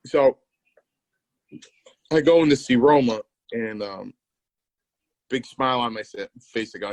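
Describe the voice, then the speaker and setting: A man's voice: medium pitch, unhurried, long pauses, a little mellow, no echo, rough recording. A man co-hosting a podcast, a former wrestler telling rambling stories with restarts and quoted dialogue. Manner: rambling anecdotes with restarts, quoting others. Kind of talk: casual storytelling.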